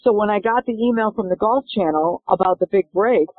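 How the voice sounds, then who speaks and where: Over a dry, tinny line that sounds like a phone, a middle-aged golf instructor tells animated interview stories, performing the dialogue as she goes. She speaks fairly quickly at medium pitch with a breathy edge, and there's no room sound.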